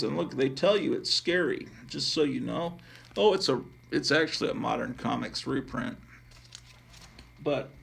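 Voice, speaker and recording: Speaking with a slightly high, somewhat bright voice touched by vocal fry, a channel host walks through his comic book collection. It's a loose, rambling show-and-tell full of fillers and offhand remarks, with a little background noise in the recording.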